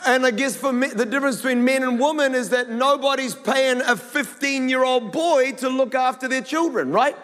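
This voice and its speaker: A New Zealand man preaching from the stage, his voice sitting high for a man. He talks in a loose, joking, story-driven way. The sound rings with the long tail of a big hall. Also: moderate pace, few pauses, a bit bright. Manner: conversational, humorous storytelling. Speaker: pastor. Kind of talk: sermon.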